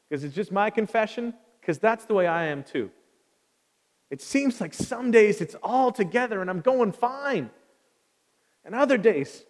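High-voiced male pastor in a reverberant hall. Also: animated, moderate pace. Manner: conversational, asks the congregation questions. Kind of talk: sermon. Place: church sanctuary. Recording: long reverb of a large hall.

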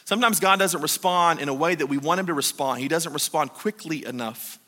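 A man preaching a sermon. He reads scripture and acts out the disciples and Martha in animated paraphrase. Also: a little high, a little fast. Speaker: pastor. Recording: long hall reverb.

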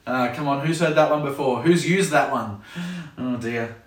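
A man's voice: medium pitch, moderate pace. A man who leads a kids club, chatting casually to camera with a jokey manner and acting out parents' sayings. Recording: roomy sound from a distant mic.

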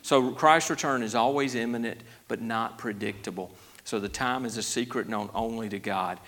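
Male pastor, mid-pitched, folksy sermon delivery with restarts and rising emphasis. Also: normal speed, fairly bright tone. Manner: folksy, conversational, many restarts, grows emphatic. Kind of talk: sermon Bible study.

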